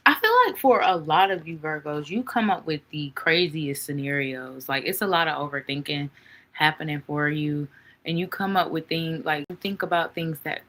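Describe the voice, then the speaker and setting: Low-voiced chatty woman reading tarot. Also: normal speed, sharp tone. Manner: chatty, playful, laughs often, calls viewers honey and baby. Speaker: tarot reader. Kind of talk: casual tarot reading to viewers.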